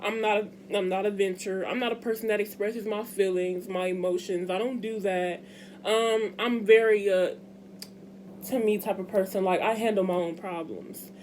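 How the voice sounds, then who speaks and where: A woman's voice: mid-range voice, steady tone, moderate pace, a little mellow, slight background noise. A young woman, talking casually and emphatically to her viewers in a vlog. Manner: chatty, emphatic, addresses viewers as y'all. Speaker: vlogger. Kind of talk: casual chat to camera.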